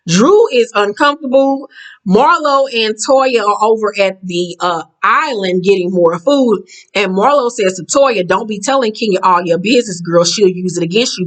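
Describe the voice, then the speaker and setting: A woman recapping a reality show in blunt, profane, catty casual talk, jumping up in pitch as she acts out quotes. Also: lively intonation, a little fast, a bit bright, poor audio.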